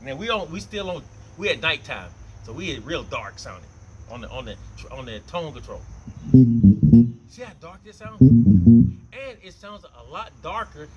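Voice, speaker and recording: A man gives a relaxed bass lesson in a lively voice that rises and dips a lot, pitched a bit high for a man. He talks in loose, repeating phrases, and faint music plays behind him. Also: fairly quick, poor audio. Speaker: bass guitar teacher. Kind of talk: casual instrument demonstration. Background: bass guitar playing between lines.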